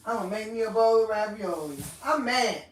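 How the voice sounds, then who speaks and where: A woman's voice: medium pitch, animated, a little fast, distant mic. A woman vlogger venting angrily at home, cursing and repeating herself as she complains. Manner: profane, repetitive ranting in Southern African American vernacular. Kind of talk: angry venting monologue. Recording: echoey room, voice somewhat off-mic, faint noise.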